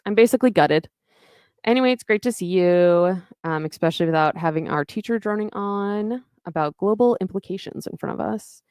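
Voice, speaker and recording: A woman's voice: mid-range voice, brisk, darkish tone, clean tone, no echo, studio quality, natural voice. Friendly young man figure read by a woman podcaster; rueful, barely voiced.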